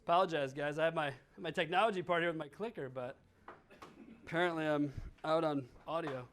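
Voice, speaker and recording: This conference speaker, a Wisconsin man, has a fairly high, steady, somewhat bright voice and a brisk delivery, with a faint hiss or hum on the recording. His keynote in a conference hall is blunt and joking, with the occasional swear word aimed at getting laughs from the crowd.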